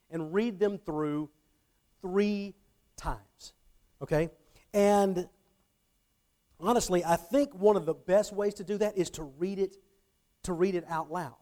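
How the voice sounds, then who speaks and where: A man with a fairly high voice for his sex, teaching the Bible in an easy, conversational way. He keeps checking in with his listeners and doubles back on words as he finds his phrasing. He sounds middle-aged and talks like a teacher leading a group. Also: dark tone. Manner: checks in often with the audience, repeats words on restarts.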